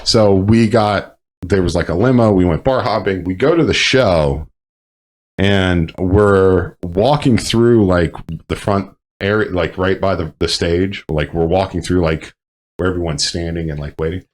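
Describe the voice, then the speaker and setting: A man, a Marine veteran, telling stories in casual chat, profane and animated with loud bursts. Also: sits low, unhurried, slight background noise. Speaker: podcast guest, Marine veteran.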